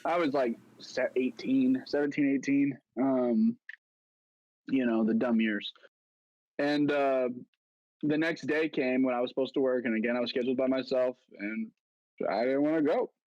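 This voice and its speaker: A man's voice: medium pitch, moderate pace, dry recording, lo-fi sound. A young man co-hosting a podcast, telling stories in casual chat and acting out what people said. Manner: animated, acts out quotes in a raised voice. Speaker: podcast co-host.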